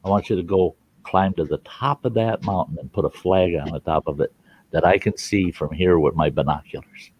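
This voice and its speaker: A man's voice: low-pitched, brisk, husky, no room sound, highs cut off. A man voicing a boastful, stubborn trapper in a told joke.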